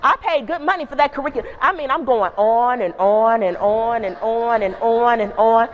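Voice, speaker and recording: A woman principal giving a humorous storytelling keynote, animated and full of call-and-response asides to the audience. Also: a little high, normal speed, phone-quality sound. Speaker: keynote speaker and school principal. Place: large conference hall. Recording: long reverb of a conference hall.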